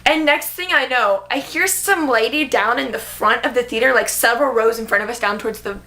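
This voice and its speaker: A woman's voice: on the high side, a little fast, pushed and bright. A young woman vlogger chatting casually about a movie she loved, gushing and filling her talk with "like". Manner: gushing, filler-heavy, many "like"s. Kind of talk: casual movie review chat.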